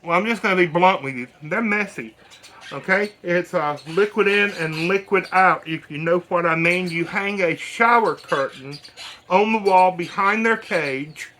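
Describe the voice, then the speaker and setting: A man's voice: a little slow, pushed and bright, a little hiss or hum. A man talking bluntly and casually while hand-feeding baby birds, cooing to them now and then. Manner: chatty and blunt, coos to the birds in a high voice. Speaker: bird breeder. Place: indoors with birds.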